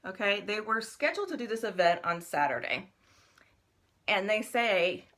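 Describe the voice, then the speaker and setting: A middle-aged makeup vlogger speaks with a sing-song, mid-range voice that's a bit bright, at normal speed. Chatty and casual, she talks viewers through each stage of her live tutorial as she applies makeup.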